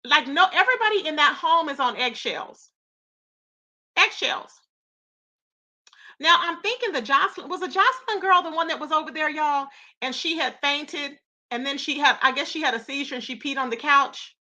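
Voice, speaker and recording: A woman's voice: high voice, moderate pace, sharp tone. A woman hosting a live gossip commentary stream, reacting with incredulous rhetorical questions and greeting her chat. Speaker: commentary channel host.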